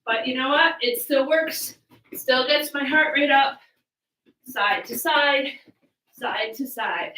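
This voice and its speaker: Winded woman coach counting reps, slow easy delivery, bright voice, roomy echo from the mic being a bit far. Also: sits high. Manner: counting reps and cueing moves while exercising. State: out of breath. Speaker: fitness coach. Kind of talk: coaching a live home workout. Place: small hot room at home.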